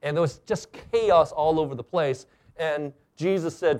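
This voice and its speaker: Animated preacher man, fairly high voice. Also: moderate pace. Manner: animated, acts out quoted speakers. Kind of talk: sermon. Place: church stage.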